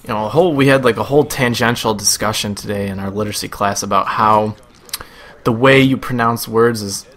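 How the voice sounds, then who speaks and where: Speaking a little fast, a young gameplay commentator from Buffalo, New York talks through a game in a chatty, rambling, self-amused way. His lowish voice carries a fairly bright tone.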